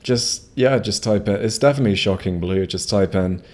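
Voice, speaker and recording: A man's voice: fairly low pitch, moderate pace, a little mellow. A man casually commenting while streaming a video game, rambling with self-mocking jokes and asides to chat. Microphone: desk microphone.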